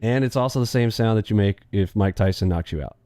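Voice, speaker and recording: A man's voice: lowish voice, fast, mellow, soft background music. A man hosting a live trading stream in casual chat, joking and rambling with playful sound effects.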